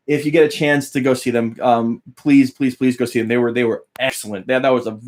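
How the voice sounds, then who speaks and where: A young adult man, a guitar teacher, eagerly telling a personal story in casual chat, laughing often and acting out what others said. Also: mid-range voice. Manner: animated, laughing, quoting others with voice changes.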